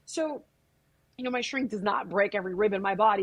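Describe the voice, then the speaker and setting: A middle-aged woman with a husky voice at a middle pitch talks as an interview guest. She speaks bluntly and with emphasis, swearing freely. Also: a little fast. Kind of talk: candid conversational interview.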